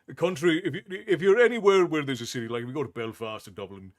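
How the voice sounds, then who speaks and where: A man hosting a livestream, chatting casually with viewers in a rambling way, full of restarts and chuckles. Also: on the high side. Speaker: livestream host.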